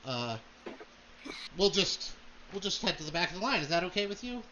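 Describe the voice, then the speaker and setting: A man's voice: high voice, big pitch swings, normal speed, pushed and bright, highs cut off, slight background noise, full character voice. A man voicing a polite, apologetic young nobleman. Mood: courteous. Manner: courteous, apologetic.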